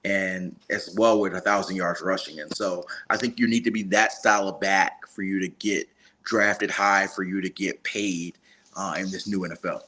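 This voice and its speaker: A man co-hosting a sports talk show who explains his points in a measured, analytical way. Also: sits low, steady tone, bright, forceful tone. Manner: measured, analytical, uses fillers. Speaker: sports talk co-host and reporter.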